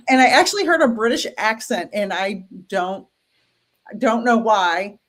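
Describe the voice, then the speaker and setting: A woman co-host reads cards on a live stream in a chatty, playful way and jokes with the viewers. Her voice is middle-pitched and easy. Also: measured pace. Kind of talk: live-stream card reading.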